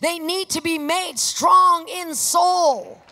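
A woman preaching a sermon in an emphatic, animated way, asking her listeners questions. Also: extremely high pitch, slow, big-room sound.

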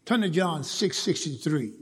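A man's voice: on the high side, lively intonation, moderate pace, slightly rough, big-room sound. A man preaching a sermon, repeating words and building to emphatic points. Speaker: pastor.

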